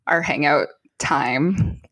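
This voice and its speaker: A hoarse woman, chatting animatedly as a podcast co-host from her desk. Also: low-pitched, extremely slow, a bit bright, poor audio. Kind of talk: casual chat.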